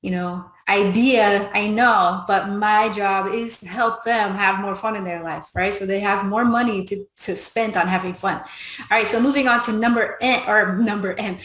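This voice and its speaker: An upbeat woman teaching a recruiting method, voicing both the customer and herself as she explains each step. Her mid-pitched voice rings in a roomy, echoey space. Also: fairly even intonation, moderate pace, a bit bright. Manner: upbeat, coaching, acts out both sides of a chat. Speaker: business trainer. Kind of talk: training talk on recruiting conversations. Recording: echoey room.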